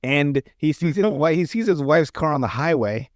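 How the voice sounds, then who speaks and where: A man hosting a casual podcast, recounting stories in a loose, rambling way full of swearing and chuckles. His voice sits fairly high for a man. The sound is dry and close, with no room echo. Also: expressive, moderate pace. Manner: rambling, profane, laughing storyteller. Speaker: podcast host. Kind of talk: casual chat, recapping comedy sketches.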